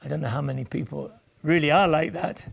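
A man's voice: fairly high pitch, brisk, gravelly, breathy edge. A man preaching a sermon in an earnest voice that swells and then sinks almost to a whisper. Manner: earnest, rises and falls, drops to near whispers.

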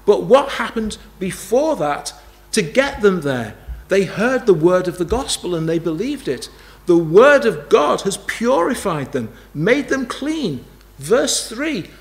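Male preacher, sermon, fairly high voice, emphatic and repetitive. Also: gravelly. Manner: emphatic, repeating key phrases, asking rhetorical questions.

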